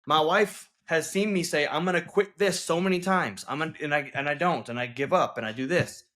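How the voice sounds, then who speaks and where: A relationship coach speaks as an interview guest in a brisk, fairly high, slightly bright voice. Earnest and emphatic, he drives his points home and keeps checking in with repeated "okay?" and "right?".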